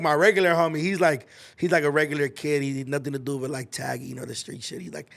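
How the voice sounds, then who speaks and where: A man's voice: fairly high pitch, steady tone, fast, creaky, a bit bright. A young man from Los Angeles, hosting a podcast and telling a story in a casual, slangy, profane way, with spoken sound effects. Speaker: podcast host.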